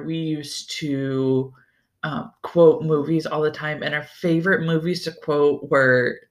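Young man rambling casually, swearing freely. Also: on the high side. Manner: rambling and loose, swears freely, many fillers like "like". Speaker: podcast host. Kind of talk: casual solo podcast chat.

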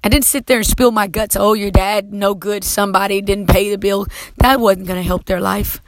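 A woman's voice: mid-range voice, steady tone, normal speed, no echo, low-quality recording. A middle-aged woman preacher giving an emotional, fervent testimony sermon, holding back tears at times.

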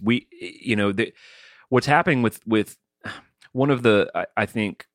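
A man's voice: fairly low pitch, moderate pace, dry recording, studio quality. A man in his forties co-hosting a podcast, reasoning aloud thoughtfully and often restarting his sentences. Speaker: podcast co-host. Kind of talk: casual podcast discussion.

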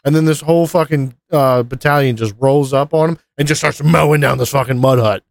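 A man's voice: medium pitch, fairly even intonation, brisk, creaky, no echo. A man co-hosting a casual podcast, rambling with lots of fillers and swearing. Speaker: podcast co-host. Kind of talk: casual profane chat.

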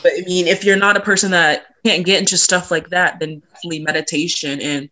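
A woman's voice: lowish voice, fairly even intonation, fast, sharp tone, poor audio. A woman co-hosting a podcast over a video call, rambling and giggly, correcting herself as she goes. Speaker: podcast co-host. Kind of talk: casual podcast chat.

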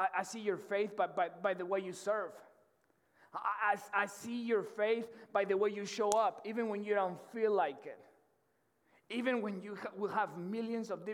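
Male pastor, high voice, fervent sermon delivery with lots of restarts; long hall reverb. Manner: passionate, fervent preaching; repeats words and restarts often. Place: church auditorium.

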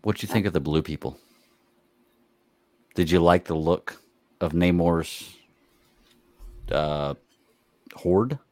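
A man's voice: low-pitched, slow, pauses often, darkish tone, no echo. A man hosting a podcast in casual chat, asking questions and joking. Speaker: podcast host.

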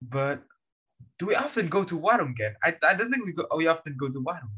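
A man's voice: a little high, sing-song, brisk, sharp tone, breathy edge. Young Indonesian man, American-style accent. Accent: Indonesian-accented English, American-based. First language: not English. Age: young adult. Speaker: podcast co-host. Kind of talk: casual chat.

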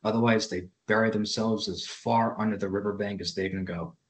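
A man's voice: fairly low pitch, steady tone, a little fast. A man explaining fish habits in a matter-of-fact, expert way. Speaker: fishing guest. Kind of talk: informative explanation.

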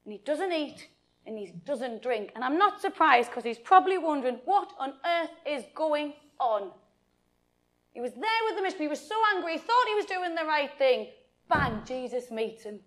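A woman telling a Bible story to children and adults in an animated way, often addressing her listeners directly. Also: high voice, fairly quick.

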